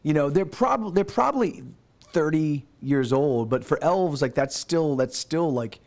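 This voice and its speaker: A man's voice: on the high side, lively intonation, measured pace, darkish tone. Rambling man running a tabletop game. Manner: rambling, with many restarts. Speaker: game master.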